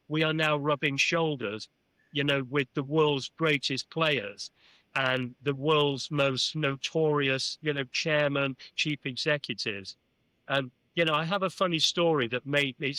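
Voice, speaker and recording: An older man from England, a podcast guest, telling animated anecdotes and often saying "you know". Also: medium pitch, no room sound, rough recording. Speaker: podcast guest, former club chairman. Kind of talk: storytelling in an interview.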